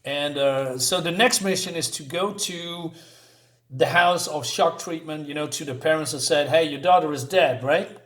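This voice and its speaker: A man casually reviewing a comic book, retelling the panels in a halting way with many fillers, restarts and chuckling asides. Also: a little high, fairly bright tone.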